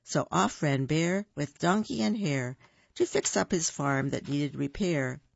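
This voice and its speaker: Slow sing-song storybook reader. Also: medium pitch, creaky, dry recording, highs cut off. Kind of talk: children's picture book read-aloud.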